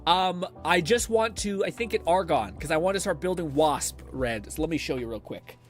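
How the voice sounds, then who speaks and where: On a gaming livestream, the young host speaks at normal speed in an expressive voice on the high side, with faint music behind. He rambles casually, swearing and laughing frequently.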